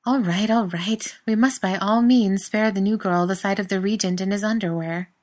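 A dry-witted wife teasing her husband with wry questions, as a woman reading a story puts her on. Her lines lift higher and come out more forcefully than the surrounding narration. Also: moderate pace, lightly acted. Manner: teasing, wry, raised brighter delivery.

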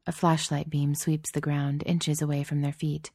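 A woman reads a story aloud in a steady, measured voice that is low and dark. The recording is dry and close, with no room around it. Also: dry recording. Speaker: audiobook narrator. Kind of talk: scripted story narration.

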